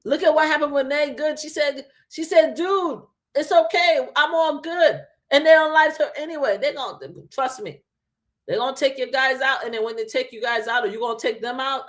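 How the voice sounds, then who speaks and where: A woman with a high, bright-pitched voice holds forth on her live stream, hammering her points home and repeating them for emphasis. She addresses her viewers directly in casual, opinionated commentary. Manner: emphatic, repetitive, preaching to viewers. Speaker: livestream host.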